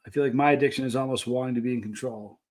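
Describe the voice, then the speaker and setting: A man's voice: mid-range voice, steady tone, very fast. A man hosting a livestream, chatting casually and rambling to his viewers. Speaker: livestream host.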